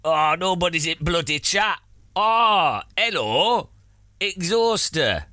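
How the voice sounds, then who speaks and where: Streamer guy doing a gruff northern pit miner, cusses nonstop, bouncy lively pitch, dry close sound. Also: takes it slowly, no room sound, heavily acted. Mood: jovial. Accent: Northern English (put on). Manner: swears constantly, drops articles, bluff and jokey. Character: gruff cheerful northern English coal miner man. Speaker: live streamer. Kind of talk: comic put-on voice on a live stream.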